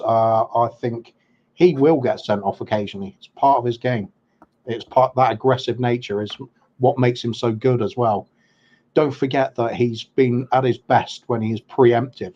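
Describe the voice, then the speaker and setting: A man co-hosting a casual football chat, pausing often with ums and restarting his sentences. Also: medium pitch, darkish tone, dull audio. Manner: hesitant, lots of ums and restarts. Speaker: podcast co-host.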